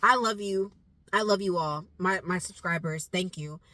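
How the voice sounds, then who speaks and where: A woman's voice: lowish voice, moderate pace, sharp tone, a little hiss or hum. A woman vlogger talking straight to her viewers, emphatic and repetitive, with casual swearing. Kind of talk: casual direct-to-camera talk.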